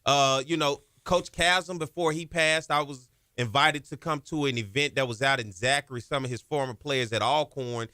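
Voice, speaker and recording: Brief: male sports podcast host, eager and talkative, tense bright tone, dry studio sound. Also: mid-range voice, steady tone, dry recording. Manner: enthusiastic, quick to react and prompt. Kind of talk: casual interview chat.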